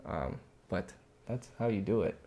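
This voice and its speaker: A man's voice: low voice, animated, unhurried, dark tone. A man co-hosting a casual drawing lesson, explaining step by step while he demonstrates. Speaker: drawing instructor co-host. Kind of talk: casual teaching chat.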